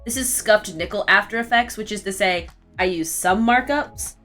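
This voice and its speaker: A woman's voice: medium pitch, moderate pace, pushed and bright, soft background music. A young woman chatting casually on a live art stream, rambling with frequent restarts.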